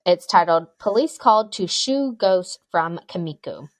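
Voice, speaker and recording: A woman's voice: lowish voice, expressive, a little slow, no room sound. A woman podcast co-host telling a spooky story in casual chat, joking asides and reading out an old news article. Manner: chatty, jokey asides, frequent ums.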